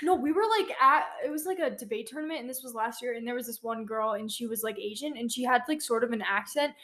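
Young woman, higher voice, relaxed co-host, casual storytelling with fillers. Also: quick pace. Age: teens. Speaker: podcast co-host. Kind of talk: casual chat.

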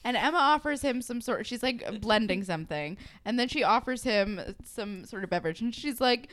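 A woman's voice: on the high side, animated, normal speed, fairly bright tone. Wry, blunt woman podcaster. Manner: wry, blunt, swears casually. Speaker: podcast co-host. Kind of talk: casual chat.

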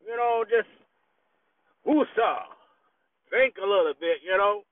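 A man's voice: high voice, slow pace, dry recording. A man, a bit tipsy, chatting in a laid-back, profane way from his parked vehicle. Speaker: vlogger. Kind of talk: casual rambling chat. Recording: tinny phone-like, dry.

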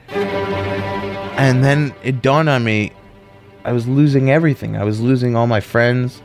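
Man, storyteller, animated, voices the people in his story, faint music underneath. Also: medium pitch, normal speed, pauses often. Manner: animated, acts out quoted voices. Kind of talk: personal storytelling.

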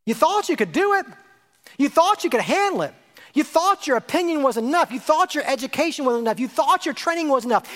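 A male pastor preaching a sermon, lively and rhetorical, repeating phrases and asking his congregation questions. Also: extremely high pitch. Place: church sanctuary. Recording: long hall reverb.

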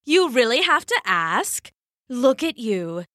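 A woman's voice: mid-range voice, lively intonation, measured pace, a bit bright, no room sound. A vain cheetah with a sneering, purring voice, as a woman plays her in a storybook. Her words slide lazily up and down in scorn. Dry, close sound. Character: vain, mocking female cheetah.

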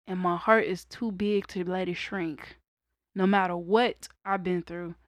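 A young woman candidly telling a personal story in a casual monologue, raw and conversational, breaking into loud laughter. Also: fairly low pitch, steady tone, unhurried, dry recording, clean studio sound. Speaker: vlogger.

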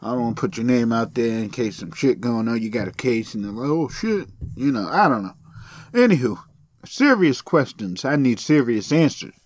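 A man's voice: medium pitch, animated, moderate pace, dry recording. Sarcastic, profane man ranting. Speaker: podcast host. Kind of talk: sarcastic solo podcast rant.

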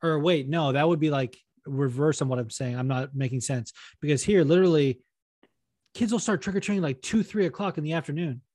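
A laid-back man from Las Vegas, trading stories on a podcast with easy, casual swearing. His voice sits a little high for a man. The recording is dry and close, with no room echo. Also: fairly quick, darkish tone. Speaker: podcast co-host.

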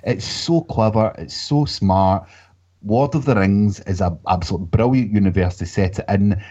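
A man's voice: lowish voice, moderate pace, dark tone, slightly rough. A man co-hosting a casual gaming podcast, talking enthusiastically and rambling with fillers. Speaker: podcast co-host. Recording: dull lo-fi mic.

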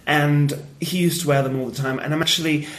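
A man who does stand-up, chatting casually on a podcast and telling stories with lively energy and frequent laughs. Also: a little high, brisk, echoey room. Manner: animated storyteller, laughs often. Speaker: stand-up comedian.

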